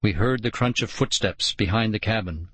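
A man reading a first-person children's adventure story aloud in a measured, expressive way. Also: lowish voice, husky, no room sound. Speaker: audiobook narrator. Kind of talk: first-person audiobook narration.

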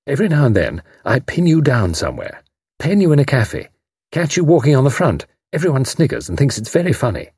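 A man reading an audiobook, voicing a lively, mischievous young woman spy who talks in a breezy, self-assured way. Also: medium pitch, brisk, slightly rough, dry recording, studio quality, pitched above the performer's own voice. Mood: playful.

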